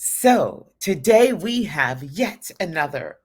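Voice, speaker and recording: A woman's voice: deep voice, big pitch swings, slow, breathy edge. A woman hosting a live show, reading sponsor thanks and upbeat calls to donate. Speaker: host.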